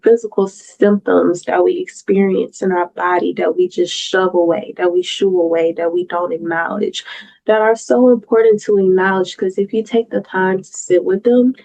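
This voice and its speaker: A woman's voice: on the low side, fairly even intonation, normal speed, creaky, a little mellow, rough recording. A woman hosting her own solo podcast, talking in an earnest, reflective way and repeating phrases for emphasis. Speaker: astrologer podcast host. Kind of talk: personal solo podcast monologue. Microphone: talking into a mic on camera.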